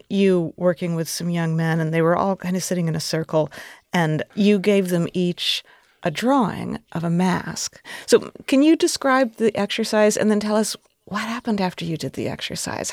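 Gravelly-voiced interviewer asking questions. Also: mid-range voice, dry recording, studio quality. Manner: curious, probing questions.

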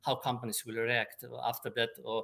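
Male expert guest, mid-pitched, measured and halting delivery. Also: completely flat delivery, sharp tone. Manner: measured, explanatory, many ums and uhs. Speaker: supply chain expert guest. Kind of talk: remote interview answers.

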